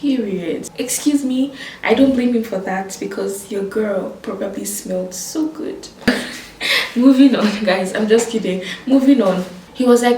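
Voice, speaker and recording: A woman's voice: mid-range voice, unhurried, reverberant, far from the mic, a little hiss or hum, low-quality recording. A young woman telling a dramatic story to her viewers, acting out what people said. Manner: animated storytelling, acts out quoted voices. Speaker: vlogger. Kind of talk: storytime vlog.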